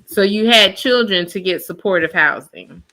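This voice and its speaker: A woman's voice: medium pitch, moderate pace, pushed and bright, rough recording. A woman on a live stream panel, needling her opponent and repeating the same point over and over. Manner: repetitive, needling. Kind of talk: heated argument.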